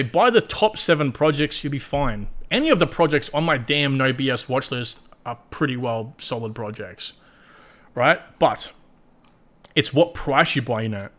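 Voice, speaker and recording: A man's voice: fairly high pitch, fairly bright tone. A man with an Australian accent hosting a live stream, talking casually and bluntly to his viewers with plenty of swearing. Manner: chatty, blunt and profane, talks straight to viewers. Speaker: crypto livestream host. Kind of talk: casual livestream commentary.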